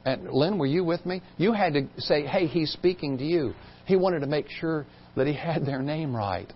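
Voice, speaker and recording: A middle-aged male pastor preaching a sermon in a church, swinging between soft, quiet asides and loud, emphatic calls to the congregation. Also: a little high, expressive, moderate pace, a little hiss or hum. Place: church sanctuary. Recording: dull lo-fi church recording.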